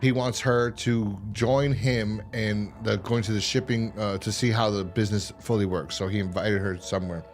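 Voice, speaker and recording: A man hosting a casual TV review, rambling and swearing as he acts out characters' lines in quick voices. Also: on the low side, steady tone, soft background music. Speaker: podcast host reviewing a TV series.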